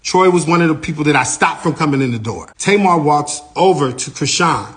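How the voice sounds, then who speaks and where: Animated man recounting an incident. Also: brisk, a little hiss or hum. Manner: animated, grows louder and higher when heated. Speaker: manager. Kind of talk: first-person account of an incident.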